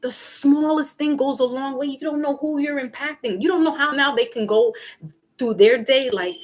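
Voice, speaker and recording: In a high voice at normal speed, a woman vlogger delivers an animated, slangy spiritual pep talk, playing out short quoted back-and-forths.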